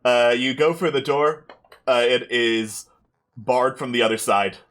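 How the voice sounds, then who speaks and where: A man narrating as game master of a tabletop game, relaxed with frequent fillers. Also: mid-range voice, unhurried.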